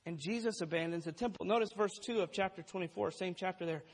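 A man's voice: high-pitched, fast. A man preaching a sermon in an emphatic way, laying out numbered points and quoting scripture aloud.

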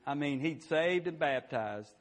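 Male preacher, high voice, chatty down-home delivery, sermon in a church. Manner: folksy, conversational, repeats "you know what?".

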